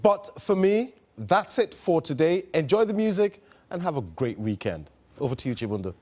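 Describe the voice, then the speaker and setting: A man's voice: fairly high pitch, very animated, moderate pace, a little mellow. Chatty man hosting a radio interview. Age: late 40s. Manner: chatty, self-deprecating, stumbles on restarts. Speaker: radio show host. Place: radio studio.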